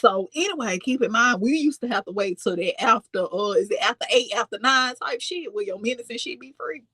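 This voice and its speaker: A woman telling a casual, profane storytime tale, full of animated asides and sudden high excited squeals. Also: a little fast, husky, no room sound. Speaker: storytime vlogger.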